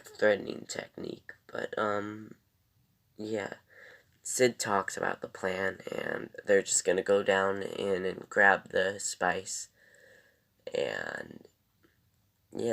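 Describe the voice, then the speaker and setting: A man's voice: low-pitched, creaky, fairly bright tone. A young man giving a casual TV episode review in a rambling, loose way, with many ums and corrections.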